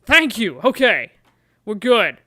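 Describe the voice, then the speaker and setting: Playful woman streamer, slow and bright. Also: mid-range voice, very animated. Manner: playful, chatty, coaxing the dice. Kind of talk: livestream playing a gamebook.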